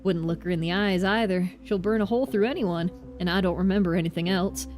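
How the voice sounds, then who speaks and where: A woman's voice: fairly low pitch, fast, a little mellow, lightly acted. A woman voicing a shifty drunk townsman in a put-on Southern accent, reading his lines with a drawl while game music plays. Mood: wheedling. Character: shifty drunk male townsman begging for liquor.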